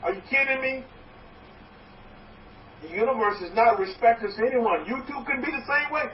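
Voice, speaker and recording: A man's voice: very high-pitched, moderate pace, a little hiss or hum. A man preaching a sermon as a rabbi, exhorting his listeners and rambling with restarts, often acting out what doubters say. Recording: echoey, distant, muffled room recording.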